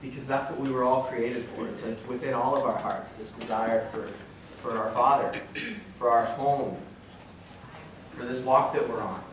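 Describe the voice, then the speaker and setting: A man's voice: mid-range voice, fairly even intonation, moderate pace. A young man giving an earnest, emotional faith talk to a church group, rambling with restarts and chuckles. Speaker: guest speaker at a parish talk. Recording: very echoey hall from far off, noisy.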